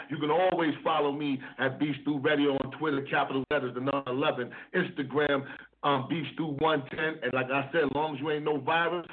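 A man hosting a radio interview show, speaking. He rolls through energetic DJ patter and repeats his catchphrases. His voice sits at an ordinary middle pitch and comes through a narrow, phone-like line. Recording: tinny phone-like sound.

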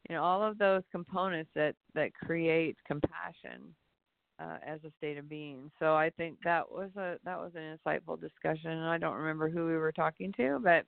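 A man's voice: fairly high pitch, creaky, smooth, no room sound. A man co-hosting a reflective spiritual talk show, rambling and searching for his words. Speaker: podcast co-host. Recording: tinny phone-line sound.

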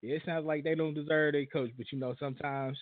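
A man co-hosts a sports podcast in a relaxed, hesitant way. His slightly high voice sounds dry and close. It is squeezed into a narrow, phone-like band. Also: a little fast, no echo. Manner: laid-back, hesitant, many fillers. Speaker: podcast co-host. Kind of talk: casual sports talk.

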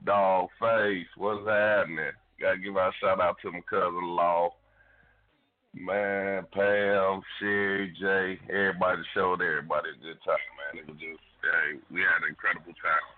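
Radio host, male, very low voice, loose rambling slang, phone-thin sound. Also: level tone, phone-quality sound. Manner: rambling, drawn-out, laid-back slang. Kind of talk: casual radio banter.

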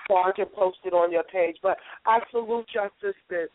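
A woman's voice: mid-range voice, normal speed. Preachy woman on a noisy phone line. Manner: preachy, repeats phrases for emphasis. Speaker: caller, guest's sister. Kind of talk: phoned-in radio chat.

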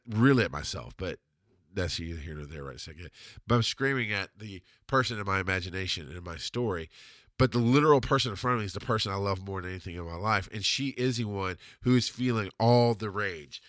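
A man telling a personal story in a blunt, profane, confessional monologue, dropping to a murmur and then bursting out loudly. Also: dry recording. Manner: blunt and profane, swings from low murmur to loud outbursts. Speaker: podcast host answering a listener question.

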